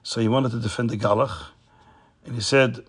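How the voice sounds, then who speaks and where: A man retelling a story casually, with a raspy voice and frequent fillers. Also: mid-range voice, steady tone, moderate pace.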